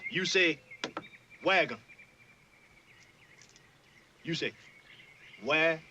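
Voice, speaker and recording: A man's voice: fairly high pitch, very slow, pushed and bright, dull audio, slight background noise, heavily acted. An actor with a Southern accent playing an older enslaved fiddler who fawns over his master and scolds a newcomer in a drawling dialect. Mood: scolding. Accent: American Southern. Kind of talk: period film drama.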